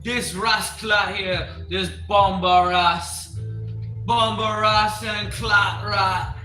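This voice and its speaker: A playful, rascally Rastafari man with a mock Jamaican accent, as a man puts him on, loud and sing-song, pitched well above the performer's usual voice. The voice sounds roomy and a little distant from the mic. Faint music plays behind it. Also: fairly even intonation, extremely slow, heavily acted.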